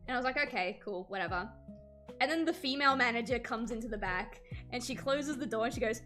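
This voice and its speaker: A woman's voice: on the high side, moderate pace, a bit bright, faint music behind. A woman in her twenties chatting casually with her stream while drawing, telling stories with many "like" fillers.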